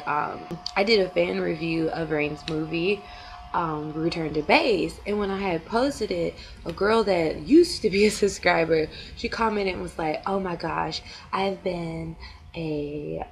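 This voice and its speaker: A young woman vlogging casually to camera as a fan blogger, chatty and full of fillers, with quick laughs. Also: low-pitched.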